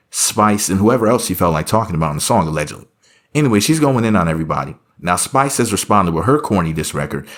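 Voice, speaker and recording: A man giving casual reaction commentary, rambling and sarcastic, full of offhand asides. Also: lowish voice.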